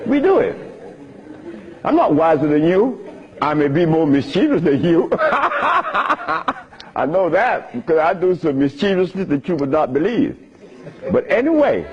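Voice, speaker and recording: A man's voice: a little high, darkish tone, husky. A man giving a storytelling talk to an audience, emphatic and chuckling through his asides. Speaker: speaker at a Q&A talk. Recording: dull lo-fi recording.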